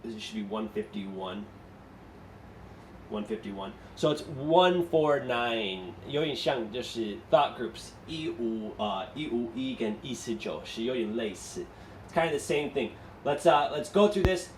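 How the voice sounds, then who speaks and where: A man's voice: mid-range voice, lively intonation, a little slow. A male English teacher giving a recorded class lecture, explaining and rephrasing his points as he goes. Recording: echoey room with faint noise.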